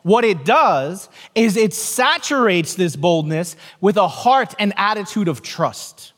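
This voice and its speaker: An earnest male pastor in his forties preaches in a church, repeating his key phrases and telling stories. His voice sits high for a man. A long reverb from the hall trails behind him. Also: lively intonation, takes it slowly, a bit bright. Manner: repetitive, earnest, storytelling. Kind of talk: sermon.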